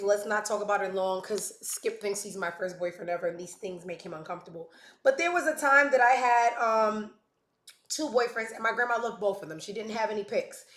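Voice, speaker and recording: A woman's voice: high voice, a bit bright. A young woman hosting a casual gossip chat show, sassy and playful with lots of slang. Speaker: podcast host. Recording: echoey room.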